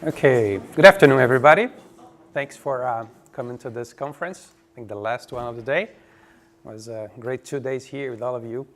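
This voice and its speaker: A man's voice: mid-range voice, a little fast. Joking man presenting. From Brazil. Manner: joking, chatty and relaxed. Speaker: conference presenter. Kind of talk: conference presentation. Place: conference room.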